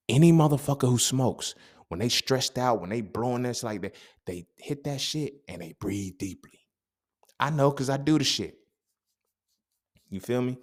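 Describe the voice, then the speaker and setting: A young adult man hosting a podcast, talking in a casual, animated monologue full of profanity and street slang. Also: mid-range voice, a little fast. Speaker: podcast host.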